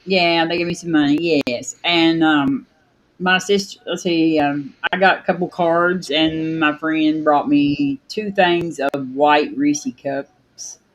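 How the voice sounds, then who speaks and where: A man's voice: fairly high pitch, fairly even intonation, slow pace, fairly bright tone, poor audio. A man from Kentucky with an Appalachian hillbilly accent, chatting casually and a bit hesitantly as host of a group call. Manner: folksy, hesitant, lots of fillers. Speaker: streamer hosting a birthday call.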